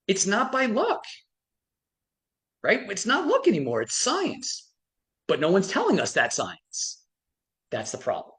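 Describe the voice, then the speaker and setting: A man's voice: fairly high pitch, fairly bright tone. A middle-aged man, a frequency medicine expert, telling stories animatedly with many restarts on a live stream. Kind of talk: motivational talk on a live stream.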